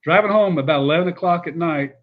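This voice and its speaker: A middle-aged man with a fairly high voice recounts his coaching days in an animated, rambling way, full of "you know" asides. The recording sounds a little dull and muffled. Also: fast. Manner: animated storyteller with many fillers. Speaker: guest, former football coach. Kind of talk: casual storytelling interview.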